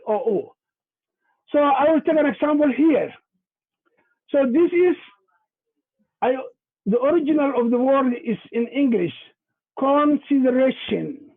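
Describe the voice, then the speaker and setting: A man teaches over a video call, and his voice sits very high for a man. He spells out sounds one by one, in a deliberate, patient way. The audio is thin and tinny, like a phone line. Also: husky. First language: Somali. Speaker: Somali language and culture presenter.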